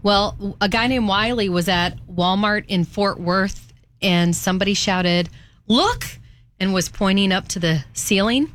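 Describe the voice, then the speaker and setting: A woman's voice: mid-range voice, fairly even intonation, measured pace, a bit bright. A woman co-hosting a radio show, telling news stories in casual chat. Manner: chatty storyteller. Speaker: radio co-host.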